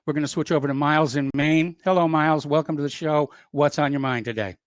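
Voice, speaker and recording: Calm male talk radio host. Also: on the high side, fast talker, dry recording, clean studio sound. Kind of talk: call-in talk radio hosting.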